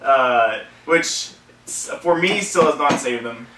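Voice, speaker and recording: Young man, relaxed, hesitant, bright voice, distant mic. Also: medium pitch, takes it slowly, a little hiss or hum. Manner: relaxed, hesitant, many fillers. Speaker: podcast co-host. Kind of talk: casual gaming chat. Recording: roomy echo, mic at a distance.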